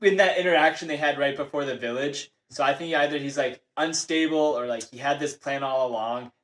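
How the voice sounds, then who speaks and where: A man's voice: on the high side, a little fast, a bit bright. A man on a casual book club podcast, musing hesitantly with many fillers.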